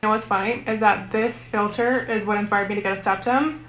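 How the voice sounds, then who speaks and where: A woman's voice: medium pitch, fairly even intonation, fairly quick, a bit bright. A woman chatting casually in a self-amused way in an echoey room with faint hiss. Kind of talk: casual social clip.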